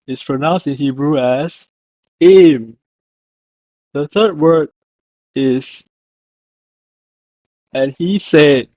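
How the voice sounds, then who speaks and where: A man teaching a language lesson, speaking slowly and deliberately and repeating each word to show how it is pronounced. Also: on the high side, a little mellow, no room sound. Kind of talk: slow instructional narration. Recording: dull lo-fi dry voice-over.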